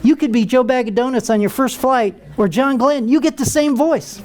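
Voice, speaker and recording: An older American man, a retired military pilot, tells a humorous story to an audience in a wry, comic style, acting out the quoted voices. His voice is very high-pitched and darkish in tone, with a moderate pace.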